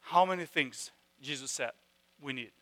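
In a mid-range voice, a pastor preaches with emphasis, slowly repeating phrases. His volume falls sharply at times, moving from loud stresses to quiet, hushed tones.

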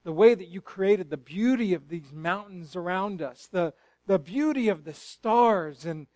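Male pastor preaching, pretty high voice, goes from hushed to fired-up, dry close mic. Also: expressive, unhurried, dry recording. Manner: builds from hushed storytelling to loud, fervent exclamations. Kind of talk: sermon. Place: church sanctuary.

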